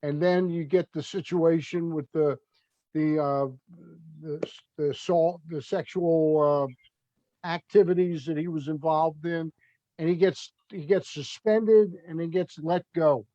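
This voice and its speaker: A man's voice: on the high side, fairly even intonation, unhurried, mellow, no room sound. A man hosting a sports talk interview, asking long, rambling questions with fillers. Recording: dull, dry audio.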